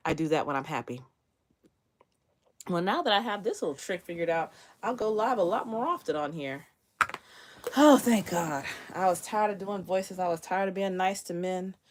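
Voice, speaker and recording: A woman's voice: lowish voice, moderate pace, pauses often, a little hiss or hum. Chatty woman livestreaming. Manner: chatty, laughs often, animated storytelling. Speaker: livestream host. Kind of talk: casual livestream chat. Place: bedroom near closet, indoors.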